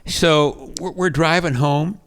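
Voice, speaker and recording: A man co-hosting a casual podcast, telling a story in a relaxed way and laughing along. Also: fairly high pitch, slow, smooth. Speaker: podcast co-host. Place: hilltop cabin.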